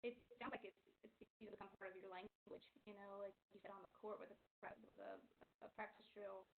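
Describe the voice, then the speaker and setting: Flat gravelly woman on a hissy phone line. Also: mid-range voice, brisk. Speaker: interviewer. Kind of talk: casual interview talk.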